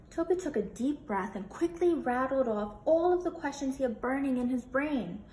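A woman teacher leading an animated interactive read-aloud of a children's book, asking the young listeners questions. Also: high-pitched, moderate pace, few pauses. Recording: roomy with faint noise.

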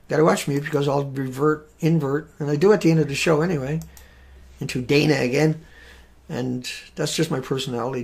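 A man hosting a live show, giving heated, emphatic commentary on news headlines with sudden loud bursts. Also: a little high, fairly even intonation, fairly quick, creaky.

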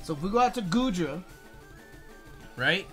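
A man commentating his video game run, swearing, swinging between yelling and muttering calculations, his voice strained from shouting. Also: high voice, animated, moderate pace, faint music behind. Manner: swears a lot. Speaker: gaming YouTuber. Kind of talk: let's play commentary.

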